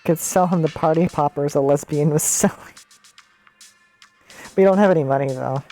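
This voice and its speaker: A woman with a low, mellow voice streams a story game. She reads the characters' lines aloud and breaks off for puzzled, offhand comments, while faint game music plays behind her. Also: moderate pace. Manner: reacts with confused asides between read lines. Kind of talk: casual game stream, reading dialogue aloud.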